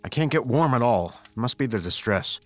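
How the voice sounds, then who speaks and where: A man's voice: mid-range voice, animated, moderate pace, soft background music, close to an everyday voice. An actor playing an evasive nobleman suspected of killing his wife, giving curt, defensive replies in a true-crime reenactment. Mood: guarded.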